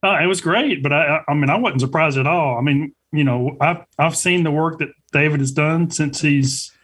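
A man co-hosting a podcast talks in a casual, earnest way and stumbles over his opening words. His voice is a bit husky and sits somewhat high for a man. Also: moderate pace, fairly bright tone. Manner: earnest, stammering. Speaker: podcast co-host.

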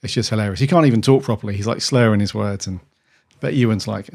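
Podcast co-host, man, lowish voice, loose rambling chat with restarts. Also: fast talker, creaky, a little mellow. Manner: rambling, with frequent restarts and enthusiastic asides. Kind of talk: casual chat.

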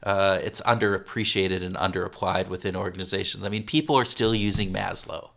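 A man being interviewed as a consultant, speaking in a halting way with many restarts and repeated words. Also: sits low, steady tone, vocal fry, a bit bright. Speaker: consultant guest. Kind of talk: interview conversation.

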